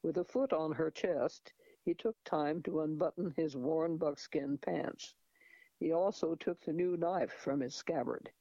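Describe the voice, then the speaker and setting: A man's voice: fairly high pitch, a little slow, mellow, no room sound. A man reading a novel aloud in a hesitant manner, with restarts and asides. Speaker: reader. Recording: dull lo-fi recording.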